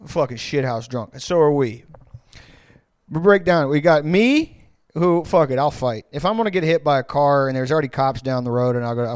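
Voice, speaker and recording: Rich: A male podcast host telling a story in a casual, animated, rambling way that is full of swearing. His voice is fairly high for a man, and the sound is dry and close. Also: dry recording.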